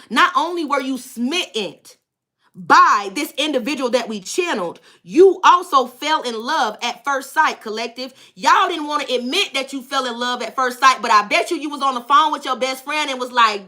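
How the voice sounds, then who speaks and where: A woman's voice: high voice, lively intonation, normal speed, bright, forceful tone. A woman tarot reader on a livestream, effusively thanking and blessing viewers and bluntly cursing out trolls.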